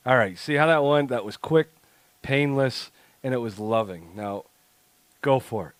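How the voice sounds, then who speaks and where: A man's voice: medium pitch, a little slow, clean tone, no echo. A man co-hosting a casual podcast, joking around, laughing often and rambling with restarts. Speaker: podcast co-host.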